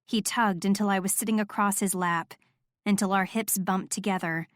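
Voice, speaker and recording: A woman reading a first-person romance audiobook in a soft, intimate, measured voice. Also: medium pitch, steady tone, no room sound, studio quality. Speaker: audiobook narrator.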